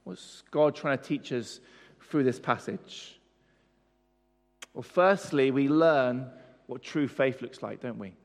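A man's voice: medium pitch, slow, vocal fry, long pauses. A man preaching a sermon, pressing his points with rhetorical questions and repetition. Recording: long hall reverb.

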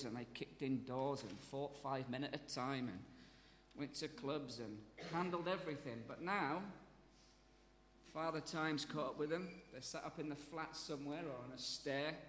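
A man preaching a sermon with a light, fairly high voice. He is lively and jokey and slips into voices of crowds and speakers as he tells it. His words ring out with a long reverb, as in a large hall. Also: moderate pace, a little hiss or hum.

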